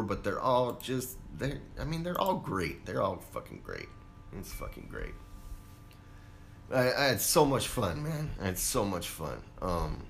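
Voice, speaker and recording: A man from Colorado hosting a casual solo podcast, laid-back and rambling, swearing freely. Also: fairly low pitch. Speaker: podcast host.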